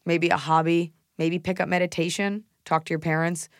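A woman's voice: fairly low pitch, little pitch movement, normal speed, no room sound, studio quality. A woman co-hosting a podcast, giving blunt, casual advice and teasing her co-host, swearing now and then.

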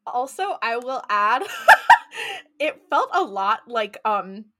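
A woman co-hosting a casual podcast, animated and laughing, acting out scenes in quoted voices. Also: a little high, takes it slowly. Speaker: podcast co-host.

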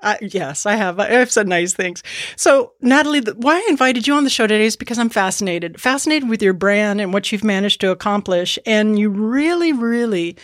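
A woman's voice: medium pitch, animated, fairly quick, no room sound, clean studio sound. A woman co-hosting a podcast, chatting casually and enthusiastically and giggling easily. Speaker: podcast co-host.

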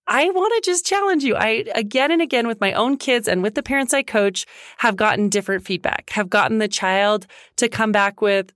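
Lady parenting coach in her 30s talking straight to other moms, chatty and animated, dry close sound. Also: a little high, fairly quick, hardly any pauses, no room sound. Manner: chatty, animated, acts out kid and parent lines. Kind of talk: casual advice talk to parents.

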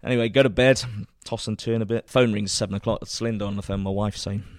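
Fast-talking man telling a story. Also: on the low side, no room sound. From England. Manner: animated, acts out quoted dialogue, laughs often. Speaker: former footballer guest. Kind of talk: anecdotal storytelling.

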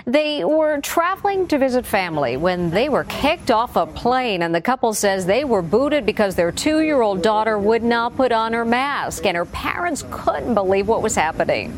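Woman reporter in measured news read. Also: a little high, very animated, a little hiss or hum. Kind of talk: scripted news narration.

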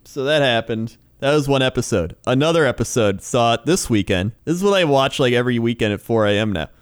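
A podcast co-host, a man with a medium-pitched, clean-toned voice, talks fairly quickly as he retells a TV show in casual chat. He's an animated storyteller who acts out the quotes and laughs often.

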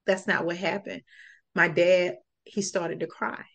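A woman's voice: on the low side, little pitch movement, a little slow, vocal fry, fairly bright tone. A woman guest on a podcast, telling a personal story in an earnest, reflective way.

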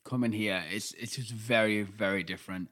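A man's voice: on the low side, fairly even intonation, normal speed, fairly bright tone. Sassy camp Yorkshire man in his twenties. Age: 20s. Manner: camp, sassy, swears freely. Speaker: podcast co-host. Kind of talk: casual podcast chat.

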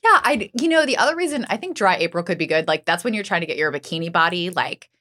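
A woman's voice: on the low side, expressive, fast talker, bright, forceful tone. A woman co-hosting a casual podcast, chatty and rambling, laughing easily as she talks. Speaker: podcast co-host and news anchor. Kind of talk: casual chat. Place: Asheville area.

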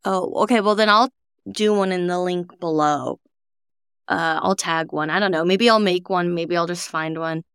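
A young woman co-hosting a podcast, chatting casually in quick bursts with lots of "like". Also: on the low side, a bit bright, smooth, no echo, clean studio sound. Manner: chatty, fast bursts, frequent "like". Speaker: podcast co-host. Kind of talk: casual chat.

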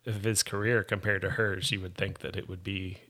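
A man's voice: deep voice, flat delivery, brisk, sharp tone. A man talking as a podcast guest in casual chat, rambling and hesitant, often trailing off.

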